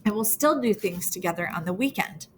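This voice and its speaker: A woman reading the lines of a steady, caring father who speaks calmly to soothe his daughter. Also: medium pitch, brisk, a little hiss or hum, close to an everyday voice. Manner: calm, soothing.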